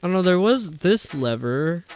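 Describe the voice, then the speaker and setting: A man's voice: high voice, very animated, normal speed, darkish tone, a little hiss or hum. A young man giving live commentary while playing a video game, rambling, stumbling over his words and laughing often. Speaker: streamer.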